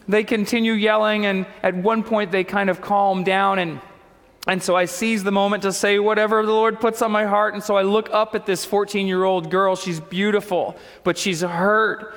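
A man's voice: high voice, level tone, normal speed, a bit bright, in a large hall. A male pastor preaching a sermon, telling a personal story earnestly and acting out the dialogue.

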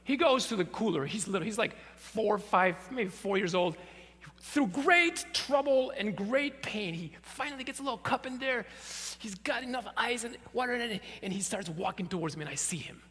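A man's voice: high voice, animated, moderate pace, a bit bright, breathy edge. A male pastor telling a story in a sermon, acting out the voices, then praying. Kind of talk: storytelling sermon ending in prayer. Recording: echoey hall with faint hum.

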